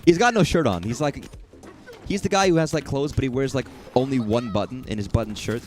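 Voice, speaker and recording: A man's voice: medium pitch, lively intonation, a little fast, darkish tone. A young man casually commentating a video game, rambling and swearing with jokey asides. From southern US. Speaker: gaming streamer. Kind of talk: casual let's-play commentary. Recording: faint game music behind.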